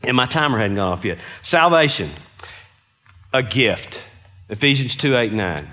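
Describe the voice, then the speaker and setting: A man's voice: mid-range voice, big pitch swings, a little slow, pauses often, bright, forceful tone. A middle-aged man preaching a conversational sermon, telling stories and putting earnest questions to his listeners. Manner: earnest, storytelling, asks the audience questions.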